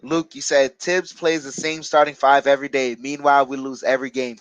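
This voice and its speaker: A watch-along stream host, male, casually runs a live basketball viewing, reading viewer chat comments aloud and replying in a chatty, hesitant way full of fillers. His voice is medium-pitched and level, a bit bright, delivered briskly with hardly any pauses. The recording is rough but has no echo.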